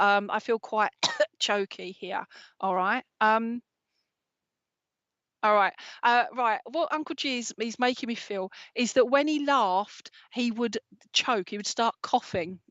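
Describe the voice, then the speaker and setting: A woman's voice: medium pitch, a bit bright, no echo. A woman giving a live mediumship reading from home, talking in a chatty way and checking in with "all right?" after nearly every phrase. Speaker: psychic medium. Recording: dull lo-fi stream audio.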